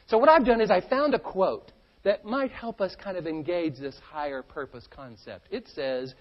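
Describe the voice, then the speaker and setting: A man giving an energetic, playful seminar talk to a live audience and drawing answers from the crowd. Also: high-pitched, normal speed, highs cut off. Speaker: stress management speaker.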